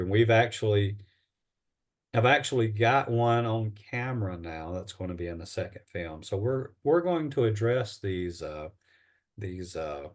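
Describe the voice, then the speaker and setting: Man, lowish voice, halting anecdote-teller in an interview. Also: darkish tone. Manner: rambling, halting with many fillers and restarts. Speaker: interview guest, bigfoot investigator. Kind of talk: casual storytelling in an interview.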